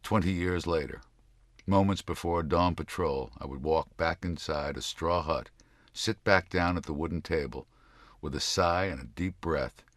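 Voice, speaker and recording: A man narrating an audiobook memoir in a slow, measured, somber reading style on a close studio mic. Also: very deep voice, a bit bright, no echo.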